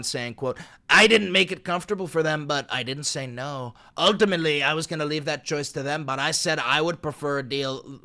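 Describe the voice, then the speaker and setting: A man's voice: fairly high pitch, bright, forceful tone. A man ranting through a sarcastic, profanity-laced political commentary as a video host.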